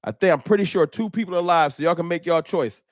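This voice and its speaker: A man's voice: on the high side, fast talker, no echo, clean studio sound. A man hosting a fan live stream, chatting casually and animatedly, joking and laughing at his own bits.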